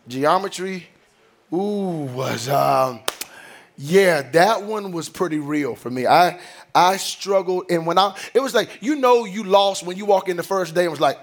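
A man with a high-pitched voice delivering a sermon. He tells stories in a relaxed, slangy way. He builds into a loud, sing-song preaching rhythm and calls for responses from the congregation. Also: moderate pace. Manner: conversational and slangy, with call-and-response. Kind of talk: sermon with personal storytelling.

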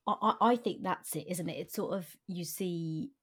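A woman with a low, husky voice, chatting casually about a book as a podcast co-host. She talks with frequent ums and false starts while she gathers her thoughts. Her tone stays conversational. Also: normal speed. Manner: hesitant, many ums and restarts. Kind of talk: casual book chat with reading aloud.

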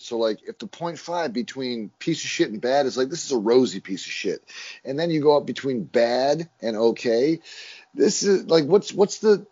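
A man co-hosting a casual movie podcast, talking in an animated, rambling way with frequent swearing. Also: medium pitch, slightly rough, muffled recording. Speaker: podcast co-host. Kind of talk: casual chat.

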